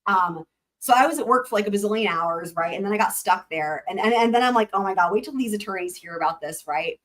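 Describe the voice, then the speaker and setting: A woman of middle pitch tells a long story in a loose, chatty way. She talks straight to her viewers, swears casually and stops to read out comments from the chat. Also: quick pace, a bit bright. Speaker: livestream host.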